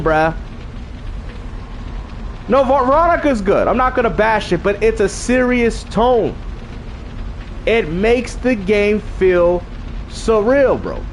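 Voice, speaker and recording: A man hosting a gaming channel, talking in a casual, slangy, animated way and often repeating himself. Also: very high voice, slow, pauses often, slight background noise.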